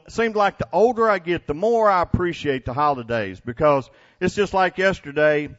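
A man's voice: a little high, dull audio. A man, preaching a sermon to his congregation in a folksy, storytelling way, often laughing and restarting his words. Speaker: pastor. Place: church before a congregation.

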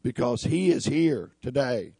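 A man with a raspy voice preaching a sermon in an earnest, emphatic way. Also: mid-range voice, expressive, unhurried, dark tone, dry recording, studio quality. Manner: earnest, emphatic, addresses listeners as y'all.

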